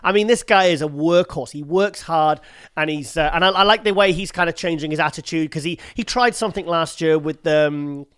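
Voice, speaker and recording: Chatty man, slightly high voice. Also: fairly quick, a bit bright, clean tone, no echo, studio quality. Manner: chatty, rambling with restarts and fillers. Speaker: podcast host. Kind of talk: casual chat.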